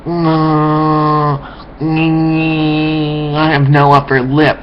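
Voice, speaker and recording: A man's voice: a little high, completely flat delivery, drawn-out words. A man mocking a smug, brain-dead lemming zombie, drawling dopey and self-satisfied lines between hums. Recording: dull lo-fi recording with faint hiss.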